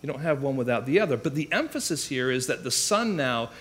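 A man's voice: mid-range voice, sing-song, a little fast. A man preaching a sermon, explaining scripture with emphatic rhetorical questions and restarts. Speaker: pastor.

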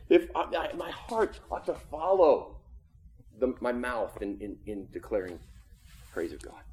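A man preaching a sermon, talking in a conversational, earnest way that swings from loud emphasis to hushed tones. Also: mid-range voice, sing-song, a little slow. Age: adult with children. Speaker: pastor.

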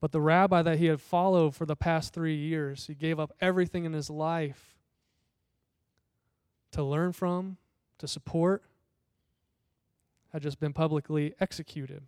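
Male pastor, high clear voice, casual storytelling sermon, dry close sound. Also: steady tone, unhurried, long pauses, a little mellow, no echo. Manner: conversational storytelling, voicing the people in the scripture.

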